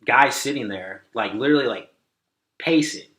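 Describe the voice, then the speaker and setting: A man's voice: mid-range voice, animated, normal speed, a bit bright, echoey room, low-quality recording. A man guest on a podcast, telling a story casually, rambling with lots of "like" and acting out what people said. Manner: rambling, many "like" fillers, acts out quoted dialogue.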